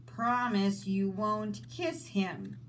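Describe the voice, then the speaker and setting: A woman's voice: medium pitch, very animated, drawn-out words, slight background noise. A woman reading aloud and voicing a cautious, bookish boy who talks in a dry, matter-of-fact way. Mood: stern.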